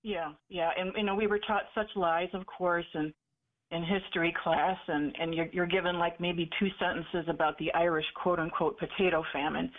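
A woman's voice: on the low side, fairly even intonation, moderate pace. A woman calling in to a radio talk show, chatting eagerly with many fillers and restarts. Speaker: caller. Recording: tinny phone line.

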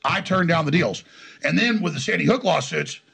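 Gravelly husky man, rambling combatively. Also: on the high side, expressive, a bit bright. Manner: rapid, combative, rambling with frequent restarts. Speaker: interview guest. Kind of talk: heated conversational storytelling.

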